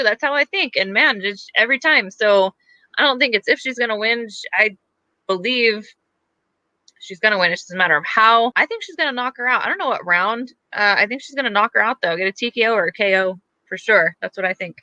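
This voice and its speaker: A woman's voice: fairly high pitch, lively intonation, brisk, sharp tone, dry recording, lo-fi sound. A woman co-hosting a podcast, chatting casually about fights, hedging a lot and using plenty of fillers. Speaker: podcast co-host. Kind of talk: casual sports chat.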